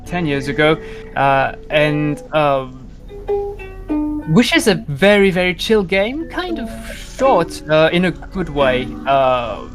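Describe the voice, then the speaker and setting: A man's voice: fairly high pitch, very animated, slow, music in the background. A man from France speaking English, a speedrunner chatting casually on a live stream, hesitant and joking. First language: French. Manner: hesitant, full of fillers and restarts, joking.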